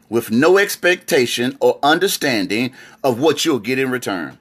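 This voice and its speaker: A man's voice: mid-range voice, expressive, normal speed, a bit bright, husky. A man preaching a sermon as pastor, talking straight to the audience with teasing asides.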